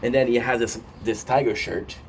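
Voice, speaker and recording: A man's voice: medium pitch, steady tone, normal speed, a little hiss or hum. A man casually recapping a show episode on his phone, rambling with many fillers and restarts and swearing often.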